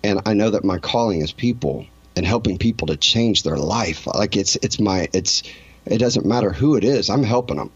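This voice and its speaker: A man with a fairly low voice is interviewed, and he tells a personal story earnestly and with feeling, circling back and restarting his thoughts. The sound is dry and a bit dull and lo-fi. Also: animated, moderate pace, breathy edge, no echo. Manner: emotional, earnest, rambling with many restarts. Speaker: interview guest.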